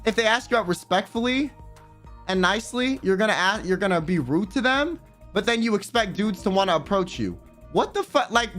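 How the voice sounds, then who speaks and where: A man's voice: high voice, fairly bright tone. A man streaming live, ranting bluntly and with plenty of profanity while he reads out viewer messages. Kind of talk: casual livestream rant.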